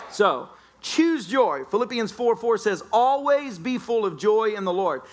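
A man preaching a lively sermon as pastor, laughing often and breaking into shouts. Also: high voice, slow, background noise. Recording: church sermon recording.

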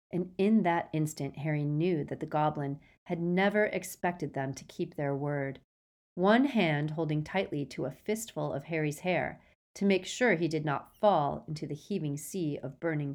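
Female audiobook narrator, low-ish register, vivid dramatic delivery. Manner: expressive reading, raising voice for action.

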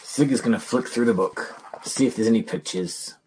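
A woman's voice: a bass voice, normal speed, mellow, a little hiss or hum. A woman playing a character in a tabletop game, talking bluntly and dryly. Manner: blunt and dry. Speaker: player.

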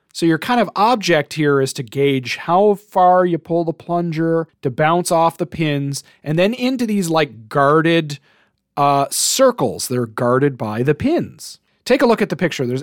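A man's voice: a little high, no room sound, studio quality. A man co-hosting a podcast, chatting casually and enthusiastically, with lots of fillers. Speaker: podcast co-host. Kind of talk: casual chat.

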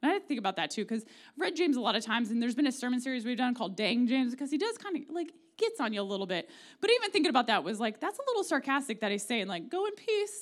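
High-voiced woman preaching a casual sermon. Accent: American Midwestern. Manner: conversational and humorous, acting out quoted prayers. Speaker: pastor. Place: church sanctuary.

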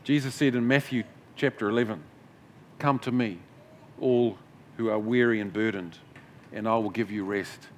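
A man's voice: fairly low pitch, steady tone, moderate pace, pauses often, slight background noise. A middle-aged man preaching a sermon as pastor, in a conversational way with asides and restarts.

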